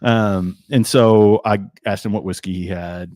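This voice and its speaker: Casting: male host, very low voice, dry close sound, loose anecdotal storyteller. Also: steady tone, a little slow, a little mellow, dry recording. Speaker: livestream host. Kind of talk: casual chat over drinks. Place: tasting room.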